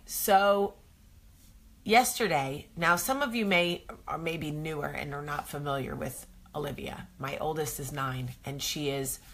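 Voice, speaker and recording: Low, husky woman chatting slowly. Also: a bit bright. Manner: rambling storyteller, many ums. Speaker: host. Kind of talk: casual morning chat.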